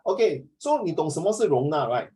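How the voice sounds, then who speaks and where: A man's voice: on the high side, sing-song, brisk, mellow, low-quality recording. Chatty Singaporean man tutoring online. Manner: rambling, chatty, sprinkles "ah" and "lah", code-switches into Mandarin. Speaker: social studies tutor. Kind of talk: online class lecture.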